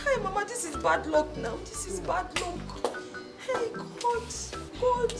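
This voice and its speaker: A high, wailing Nigerian daughter. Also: female voice, expressive, unhurried, creaky, loud music behind the voice, full character voice. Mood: despairing. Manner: wailing, emphatic. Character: distraught young daughter, pleading and indignant. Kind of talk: Nollywood film acting.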